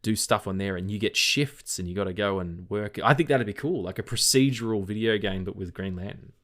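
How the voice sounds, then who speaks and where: Australian man, lower register, tired, rambling podcast co-host. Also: fairly quick, fairly bright tone. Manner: rambling, repeats words, swears casually. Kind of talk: casual film podcast chat.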